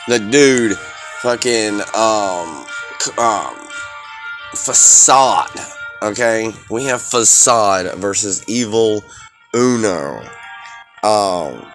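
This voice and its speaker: A man with a fairly low voice hosts a casual podcast, reviewing wrestling shows in an excitable, rambling way. He fills his talk with ums and swearing. A little music plays faintly underneath.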